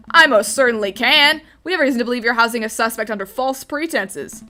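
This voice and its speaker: A woman doing a commanding falcon lawyer. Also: fairly high pitch. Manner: forceful, commanding, brisk. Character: stern male falcon defense attorney.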